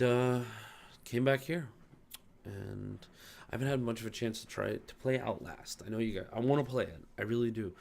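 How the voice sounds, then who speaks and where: A man's voice: on the low side, vocal fry. A man telling a heated, profane story about a rude customer in a casual vlog, still angry about it. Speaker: gaming channel host.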